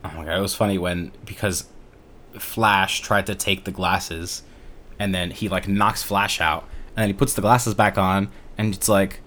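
Male podcast co-host, lowish voice, relaxed rambling recap delivery. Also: moderate pace. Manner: laid-back, rambling, drops swear words and laughs. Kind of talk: casual movie recap chat.

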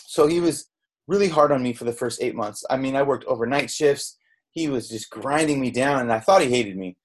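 A medium-pitched, slightly fast voice belongs to a middle-aged Southern California chef guesting on a podcast. He recounts his story candidly in a casual interview, rambling with restarts and quoted dialogue, recorded through a podcast mic.

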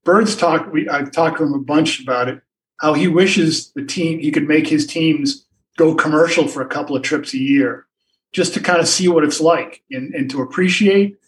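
An older man, a sportswriter, spins long anecdotes, wandering and restarting as he goes. His voice sits slightly high for a man and sounds a little distant from the microphone. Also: moderate pace. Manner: rambling, many restarts and asides. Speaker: sportswriter guest. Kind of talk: anecdotal storytelling in a podcast interview.

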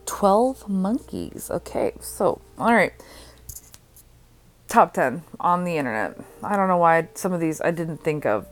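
A woman's voice: fairly low pitch, animated, unhurried. A young woman hosting a casual solo podcast from home, rambling, giggling and joking at herself. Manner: rambling, giggly and self-deprecating. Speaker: podcast host.

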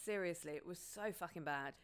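A woman's voice: lowish voice, a little fast, clear, resonant tone. A woman, hosting a podcast in a candid, casual, sweary monologue. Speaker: podcast host.

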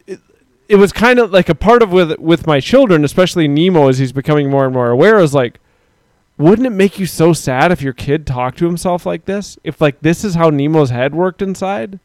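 Guy in his 30s on a chatty podcast, kinda high smooth voice, laughs a lot, open about himself. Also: expressive, fairly quick, a little mellow, no echo. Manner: candid, self-reflective, laughs often. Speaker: podcast co-host. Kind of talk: casual chat, reading viewer comments.

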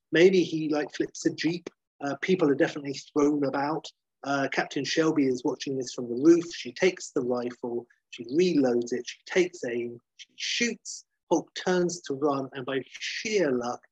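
A man's voice: mid-range voice, slightly rough, no echo, highs cut off. A man casually retelling a TV episode scene by scene, swearing freely and acting out the characters' lines. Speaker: recapping a TV episode.

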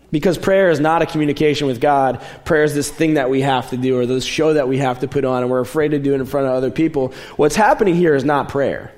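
A young adult man preaching a sermon in a conversational way, moving between raised, emphatic lines and quiet, low asides. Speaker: pastor.

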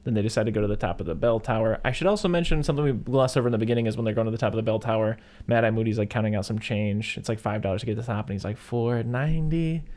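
A man casually recapping a film plot, rambling and acting out lines in high silly voices. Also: rapid-fire, hardly any pauses, darkish tone. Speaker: podcast co-host.

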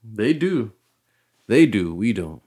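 A man's voice: lowish voice, very animated, slow pace, a little mellow, slightly rough. A young man hosting a casual podcast chat, rambling, laughing often and swearing freely. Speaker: podcast host.

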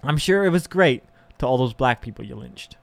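A man's voice: medium pitch, expressive, moderate pace, vocal fry, no echo. Exasperated man ranting in a dry room. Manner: ranting, profane, with frequent laughs and sighs; emotional and exasperated. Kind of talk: candid personal monologue.

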